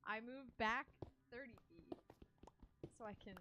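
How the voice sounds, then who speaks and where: A woman playing a tabletop role-playing game, slowly describing her moves with fillers and giggles. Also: a little high, highs cut off, noisy background. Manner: slow, giggly, filler-heavy. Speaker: player. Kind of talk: casual tabletop play.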